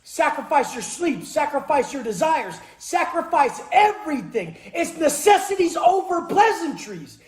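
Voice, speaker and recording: A man with a notably high voice delivers a fierce motivational monologue in an echoey room. He swears constantly and keeps breaking into shouts, pushing every line hard. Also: very animated, a little slow, few pauses. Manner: intense, forceful, swears constantly, bursts into shouts. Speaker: motivational speaker.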